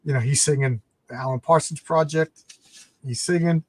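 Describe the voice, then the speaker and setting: A man's voice: on the high side, normal speed, a little mellow, no echo. A man hosting a casual late-night comics live stream, rambling as he retells comic plots.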